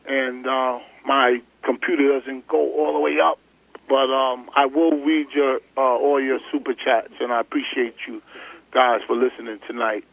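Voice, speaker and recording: A man's voice: medium pitch, level tone, normal speed, creaky, no room sound. A man hosting a casual talk show, loose and joking, often restarting his sentences. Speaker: podcast host. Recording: tinny phone-line sound.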